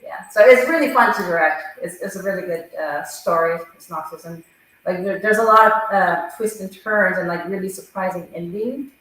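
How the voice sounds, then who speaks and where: A woman's voice: fairly low pitch, moderate pace, fairly bright tone. A woman director talking casually about the play, saying "like" constantly. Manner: filler-heavy, saying "like" constantly. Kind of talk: interview answer. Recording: very echoey room.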